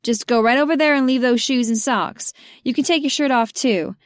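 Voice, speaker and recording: Woman doing a brassy Southern gal with a thick accent, high, sugary drawl, recorded close and dry. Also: dry recording, natural voice. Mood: bubbly. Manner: drawling, slow and sweet. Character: Southern woman, bold, teasing best friend. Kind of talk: audiobook character voice.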